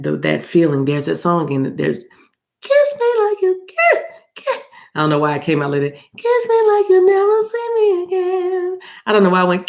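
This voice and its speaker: An American woman doing a casual spiritual card reading, chatty and rambling, with a voice roughened by allergies. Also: low-pitched. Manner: chatty and rambling, addresses viewers as y'all, laughs often. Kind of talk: casual tarot reading chat.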